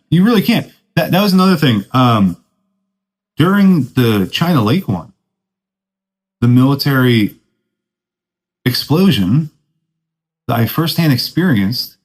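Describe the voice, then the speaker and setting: Brief: young male podcast host, surfer-dude talk, very lively swooping pitch, self-mocking storyteller. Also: poor audio. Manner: laid-back surfer talk, says dude a lot; self-deprecating, laughs at his own stories. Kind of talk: casual storytelling monologue.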